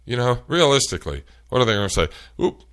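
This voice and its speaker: A man hosting a show, telling an animated, exasperated story in casual chat. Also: mid-range voice, racing. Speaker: show host. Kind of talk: storytelling rant.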